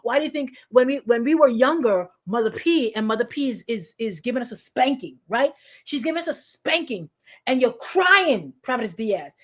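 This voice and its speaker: High-voiced animated woman pastor. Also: normal speed. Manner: animated, lively, acts out quoted voices, addresses congregants by name; frequent restarts and repetitions. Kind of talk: conversational sermon.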